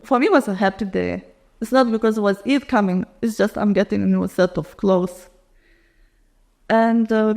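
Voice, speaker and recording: A woman in her thirties from Lithuania with a Lithuanian accent, telling her personal story in an interview with lively, non-native phrasing. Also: on the high side, creaky. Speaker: interview guest. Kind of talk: emotional personal testimony.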